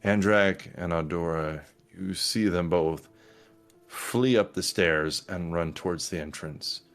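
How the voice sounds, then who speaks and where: Male game master for a tabletop game, deep and unhurried, dramatic narrator. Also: fairly bright tone, soft background music.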